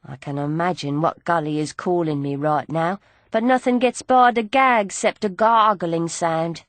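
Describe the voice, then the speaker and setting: A woman reading a first-person audiobook, telling it in a lively voice with a working-class turn of phrase. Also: fairly low pitch, normal speed, no room sound. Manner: lively dialect storytelling, working-class grammar. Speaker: audiobook narrator.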